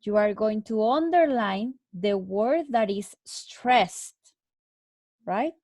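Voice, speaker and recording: A woman teaching an English lesson, explaining answers slowly and clearly with repeated examples. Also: mid-range voice, lively intonation, a little mellow, dry recording. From Mexico. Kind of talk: recorded online English lesson.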